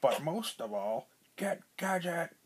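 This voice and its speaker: A man voicing an evil villain boss for his son, in a raised, gruff growl, recorded on a handheld iPad. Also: a little high, very animated, takes it slowly, slight background noise, voice pushed up. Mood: scheming. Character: evil male villain boss, snarling and scheming. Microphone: iPad held in hand.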